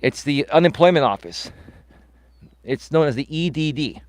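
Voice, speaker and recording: A middle-aged man telling a personal story on a casual live stream while walking outdoors, animated and swearing casually. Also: on the high side, moderate pace. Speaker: life coach and host.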